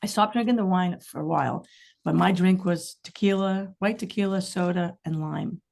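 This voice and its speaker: A woman's voice: lowish voice, moderate pace, creaky. A middle-aged woman, a singer-songwriter guest, telling candid, rambling stories in a casual podcast chat. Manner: candid, rambling storytelling with lively asides.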